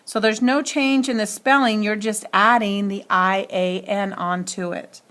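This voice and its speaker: A woman's voice: medium pitch, fairly even intonation, unhurried, a bit bright. A woman teacher giving a spelling lesson, speaking carefully and spelling words out letter by letter.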